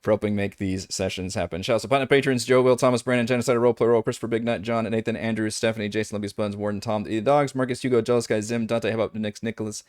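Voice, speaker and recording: A man running a tabletop game as dungeon master, narrating in a relaxed, chatty way and laughing easily. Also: on the low side, very fast, few pauses, dry recording, studio quality.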